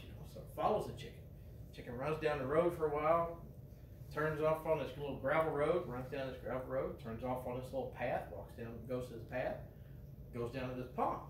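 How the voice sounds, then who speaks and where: A man serving as pastor, with a Midwestern American accent, telling a homespun joke and reading church announcements in a relaxed manner. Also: mid-range voice, brisk, slight background noise. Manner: relaxed, homespun, fond of "you know". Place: church sanctuary. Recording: echoey church heard from a distance.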